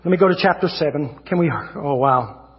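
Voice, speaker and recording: A man preaching an evangelist's sermon, fervent and repetitive, rising to shouts at his peaks. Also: fairly high pitch, a little fast, in a large hall, muffled recording. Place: church hall.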